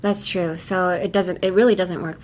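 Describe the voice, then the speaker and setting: A young adult woman hosting a casual English lesson podcast, chatty and laughing often as she slowly models phrases. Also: fairly low pitch, fairly even intonation, a little mellow, a little hiss or hum. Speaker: English teacher host.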